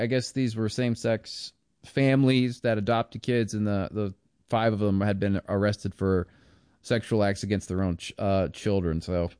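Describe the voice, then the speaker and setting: A man's voice: fairly high pitch, a little mellow, no echo, studio quality. A man giving a blunt, scornful, rambling political commentary monologue.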